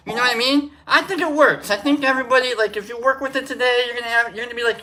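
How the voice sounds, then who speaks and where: A man's voice: extremely high pitch, quick pace, few pauses, bright, forceful tone. A man hosting a casual livestream, rambling and joking while greeting viewers by name. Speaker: livestream host.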